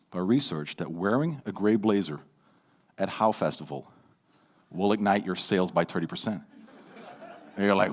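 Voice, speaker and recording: Male speaking coach, energetic motivational delivery with sharp swings in volume. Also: mid-range voice. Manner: dynamic, swings between loud and quiet for effect. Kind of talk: motivational talk.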